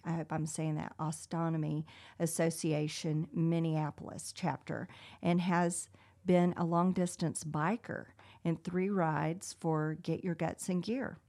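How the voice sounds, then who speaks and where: A woman's voice: deep voice, level tone, slow, a little mellow. A woman co-hosting an interview show who reads the guest's introduction and laughs easily. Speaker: co-host.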